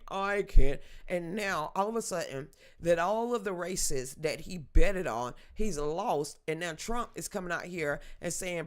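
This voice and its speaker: A woman's voice: lowish voice, animated, a little slow, few pauses. A woman hosting a live political commentary show from home, talking in a blunt, colloquial and emphatic way.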